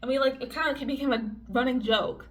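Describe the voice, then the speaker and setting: A woman's voice: sits high, fairly quick, fairly bright tone. Chatty, swearing young woman vlogger. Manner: chatty, heavy swearing, lots of "like" fillers. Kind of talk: casual storytime vlog. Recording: dull lo-fi audio with faint music.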